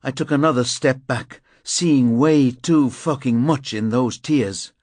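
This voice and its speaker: A man reading a crime thriller audiobook in measured, grim first-person narration. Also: medium pitch, a little mellow, no room sound. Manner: measured, grim, deliberate delivery.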